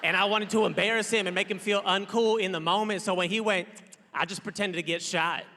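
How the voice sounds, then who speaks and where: A man in his thirties doing a loud, playful stand-up comedy set on a large theater stage, acting out characters. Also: high-pitched, steady tone, fairly quick. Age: 30s. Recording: long hall reverb, crowd noise.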